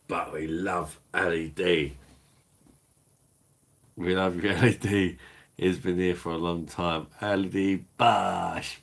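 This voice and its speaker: A deep-voiced man with a Cockney-Kentish accent, chatting to his live audience at an easy, slow pace. He swears freely and chuckles along as he talks. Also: fairly even intonation, vocal fry. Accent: Cockney-Kentish English. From London. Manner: laid-back, sweary, chuckling banter. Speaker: livestream host reading chat. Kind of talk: casual live chat.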